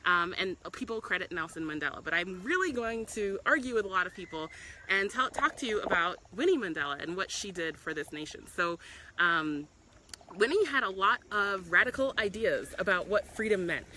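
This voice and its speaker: Bright-voiced woman live-streaming. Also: medium pitch, expressive, moderate pace, slight background noise, rough recording. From South Africa. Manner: earnest and passionate, with many ums and self-restarts. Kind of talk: casual live-stream commentary. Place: outdoors in a public spot.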